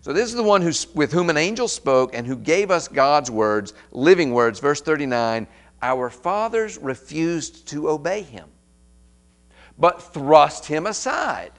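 A man's voice: on the high side, animated, a little slow. A man preaching an expository sermon, reading scripture aloud and then commenting with rising emphasis.

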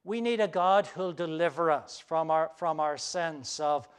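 A man preaching a sermon, earnest, building to emphatic peaks and dropping to soft quiet quotations. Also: fairly high pitch, measured pace, clear, resonant tone. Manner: earnest, with swelling emphasis and soft hushed quotes. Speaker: pastor.

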